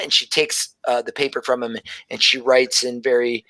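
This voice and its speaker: A man's voice: medium pitch, flat delivery, moderate pace, few pauses, pushed and bright, dry recording. A man narrating a tabletop game as game master, rambling with many asides. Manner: rambling, many fillers and restarts.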